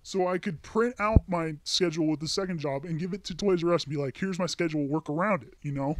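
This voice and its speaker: Fast-talking and somewhat high-voiced, a young man vlogs an angry rant with no echo on the recording. The story concerns a bad job, told with profanity and angry bursts.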